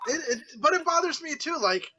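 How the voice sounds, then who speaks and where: A man's voice: very high-pitched, very animated, fairly quick, a loud crowd. A man on a casual podcast, agreeing bluntly and swearing. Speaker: podcast co-host. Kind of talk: casual chat.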